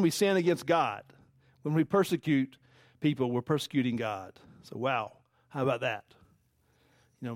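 A man's voice: on the high side, no room sound, studio quality. A man preaching a casual Bible-teaching sermon, talking conversationally and asking the listeners questions. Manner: conversational, animated, asks the audience questions. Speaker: pastor.

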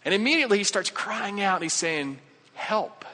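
Male pastor, chatty jokey sermon, bright fairly high voice, hall reverb. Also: big pitch swings, fast. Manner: conversational, jokey, acts out quoted voices. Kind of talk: sermon with acted-out story.

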